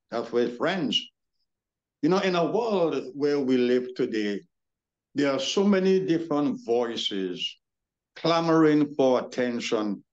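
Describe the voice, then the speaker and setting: A man preaching a sermon as pastor, emphatic, with drawn-out words and pauses, calling his listeners beloved. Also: medium pitch, sing-song, darkish tone, highs cut off.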